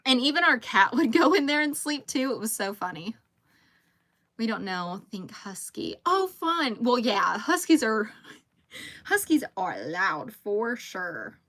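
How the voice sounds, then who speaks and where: A woman's voice: on the high side, big pitch swings, unhurried, a bit bright. A woman, chatting casually on a livestream at home while she crochets. She rambles, reads out viewer comments and talks to her dog. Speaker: livestream host.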